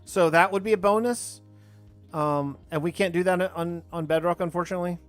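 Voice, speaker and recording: A man's voice: high voice, steady tone, brisk, faint music behind. A man in his thirties chatting casually on a live stream, rambling while he plays and answers chat. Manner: rambling, talks over gameplay and answers chat.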